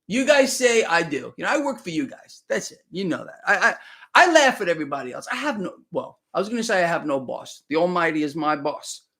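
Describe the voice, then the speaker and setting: A man's voice: sits high, sing-song, fairly quick, bright, forceful tone, slightly rough. A man hosting a live stream of market commentary, talking straight to his viewers with sarcastic, exclaiming emphasis.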